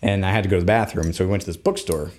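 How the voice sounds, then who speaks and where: A man's voice: deep voice, very fast, darkish tone. A young adult man telling a story in a casual chat, acting out quoted voices.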